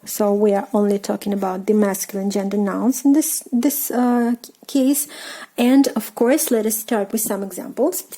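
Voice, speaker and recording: A woman with a Russian accent teaching a language lesson, patient and hesitant, with many fillers, saying each word slowly and more than once. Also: mid-range voice, steady tone, mellow. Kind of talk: slow, careful language lesson.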